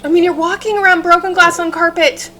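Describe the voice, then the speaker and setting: A woman's voice: very high-pitched, fairly even intonation, fairly quick, sharp tone, a little hiss or hum. A woman hosting a channel, commenting candidly on a clip and giving safety advice in a chatty way. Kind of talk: reaction commentary.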